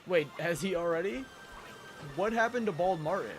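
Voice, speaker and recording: Brief: male streamer, slightly high voice, very lively pitch, rambling chat, game music behind. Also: moderate pace. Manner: rambling, animated, laughs often. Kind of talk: casual live-stream chat with viewers.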